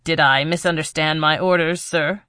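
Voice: mid-range voice, steady tone, normal speed, bright, forceful tone, no echo, clean studio sound, lightly acted. A narrator voicing a formal, defensive male henchman whose voice comes out tight.

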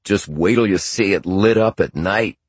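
A flashy middle-aged father who keeps things breezy over frayed nerves, played by a man. The voice is low and husky, close and dry. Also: normal speed, dry recording. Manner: breezy, nervy.

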